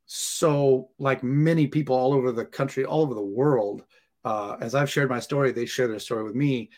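A man talks in an easy, conversational way as an interview guest, a firefighter telling a personal story. His voice sits at an ordinary middle pitch, and he animates his account by acting out the lines of the people he describes. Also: normal speed. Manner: animated, acts out dialogue and laughs while telling.

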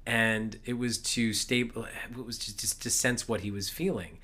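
A man in his thirties, co-hosting a casual podcast, telling stories with animated energy and frequent laughs. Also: lowish voice, normal speed, husky. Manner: storytelling, animated, laughs often. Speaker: podcast co-host. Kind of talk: casual chat.

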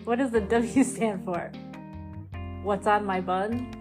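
A woman's voice: medium pitch, slow, darkish tone, soft background music. A woman co-hosting a podcast, chiming in with short reactions and laughing along. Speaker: podcast co-host. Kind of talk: casual chat.

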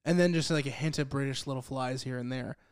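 A man's voice: mid-range voice, fast, clear, resonant tone. A young man co-hosting a casual podcast, blunt and sarcastic, swearing freely as he picks a film apart. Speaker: podcast co-host.

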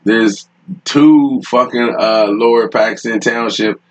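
A man's voice: lowish voice, slow, rough recording. A man hosting a podcast, telling a rambling, profane story in casual talk, often laughing, recorded in a room at home. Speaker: podcast host.

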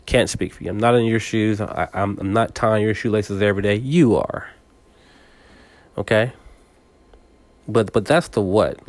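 A man's voice: on the low side, dry recording. A man giving a reflective motivational monologue, speaking straight to the listener with frequent repetitions and stammered restarts.

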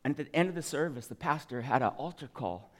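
A man giving an emotional, animated testimony as a sermon, telling his story to a congregation. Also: medium pitch, fast talker, long reverb tail.

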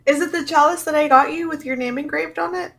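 A woman co-hosting a casual podcast, reacting with quick interjections and teasing quips. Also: high-pitched, steady tone, vocal fry. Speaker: podcast co-host.

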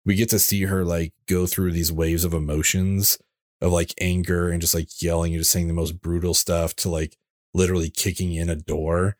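A man co-hosting a podcast in casual chat, relaxed and enthusiastic, leaning on fillers. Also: deep voice, moderate pace, no echo, studio quality. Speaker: podcast co-host.

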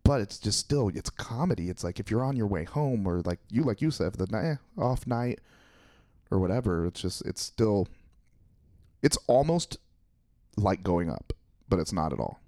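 Laid-back comic man, low voice, dry sound. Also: expressive, moderate pace, mellow, dry recording. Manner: rambling, profane, laughs often. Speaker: stand-up comic and podcast co-host. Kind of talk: casual chat.

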